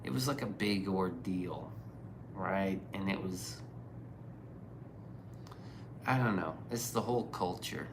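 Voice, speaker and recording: Slow-drawling, low-voiced man rambling. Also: noisy background. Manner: rambling and profane, trailing off into mumbles. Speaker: streamer. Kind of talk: casual chat reading out chat messages.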